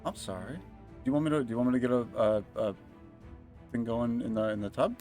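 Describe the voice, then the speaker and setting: A man's voice: medium pitch, fast talker, mellow, soft background music. A young man livestreaming a game, telling rambling, profane stories and laughing often. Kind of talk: casual chat while gaming.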